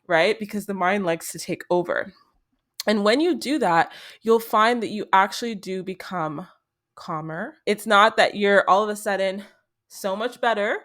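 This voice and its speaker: Gentle soothing woman podcast host. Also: medium pitch. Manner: gentle, soothing, unhurried delivery. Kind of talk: self-help podcast talk.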